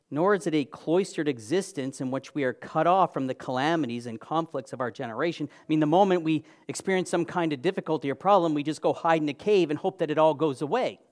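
A man preaching a sermon, earnest and emphatic, building phrases into lists. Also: fairly high pitch. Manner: occasional fillers and restarts, clears throat.

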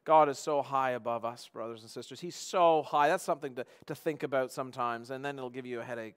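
A man preaching a sermon in an earnest tone, swinging between loud emphasis and quiet, hushed passages. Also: medium pitch, fast, hardly any pauses, clear, resonant tone. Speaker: pastor.

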